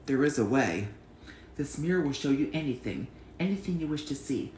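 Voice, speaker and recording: A man's voice: medium pitch, big pitch swings, moderate pace, darkish tone, roomy sound, a little hiss or hum. A man reciting memorized film lines and trivia, earnest and proud, at home. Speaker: channel host.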